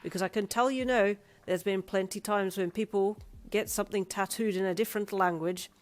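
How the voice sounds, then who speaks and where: A woman's voice: medium pitch, fairly even intonation, brisk, faint music behind, natural voice. A woman voicing a friendly, chatty male tattoo piercer with an Irish accent, in a fan fiction audiobook. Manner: loud, jovial, folksy.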